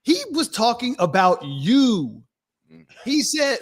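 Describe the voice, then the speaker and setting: A man's voice: sits high, sing-song, measured pace. A man with a New Orleans accent, heatedly citing stats on a sports podcast. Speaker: podcast co-host. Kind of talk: casual sports chat.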